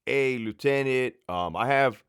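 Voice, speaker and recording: A man's voice: mid-range voice, unhurried, fairly bright tone, smooth. A man voicing a flustered, slightly drunk male maintenance supervisor calling in a worry. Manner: rambling, anxious phone caller.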